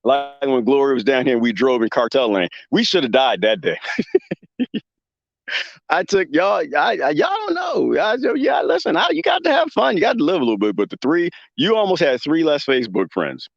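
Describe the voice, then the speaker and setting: Live-stream host, rambling and joking, very lively pitch, dull lo-fi mic. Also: male voice, normal speed, vocal fry, no echo. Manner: rambling, joking, laughs often, reads out chat.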